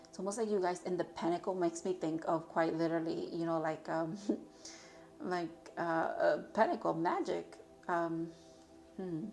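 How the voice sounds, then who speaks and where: A woman's voice: on the low side, fairly even intonation, unhurried, darkish tone, faint music behind. A young woman giving a casual tarot reading to her viewers, rambling and chatty with many fillers and restarts. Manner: chatty, rambling, with frequent fillers and self-corrections. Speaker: tarot reader.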